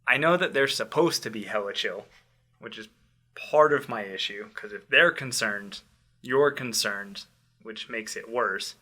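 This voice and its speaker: A young man casually telling a personal story, acting out quotes and dropping quiet in tense moments. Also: fairly low pitch, unhurried, soft background music. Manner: animated, acts out quotes loudly then drops to quiet. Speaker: podcast host telling a story.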